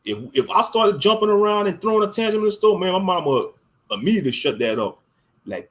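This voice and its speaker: Animated ranting man with a higher voice. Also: quick pace. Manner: emphatic and animated, heavy slang, frequent restarts, swings from loud to muttered. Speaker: online commentator. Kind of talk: casual rambling rant.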